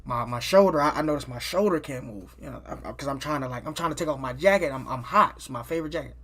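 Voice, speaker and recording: A man's voice: medium pitch, fast, a bit bright. A man telling a personal story in a casual, loose monologue. He swears freely, restarts his sentences and keeps adding "you know what I'm saying".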